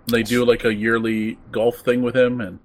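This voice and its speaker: A man's voice: medium pitch, flat delivery, moderate pace. A man co-hosting a podcast, chatting casually in a laid-back, matter-of-fact way. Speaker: podcast co-host. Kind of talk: casual chat.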